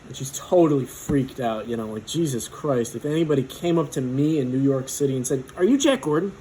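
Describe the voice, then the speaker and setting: A man's voice: medium pitch, brisk, mellow, a little hiss or hum, rough recording. A man in his twenties telling a personal story casually, rambling with lots of fillers and swearing.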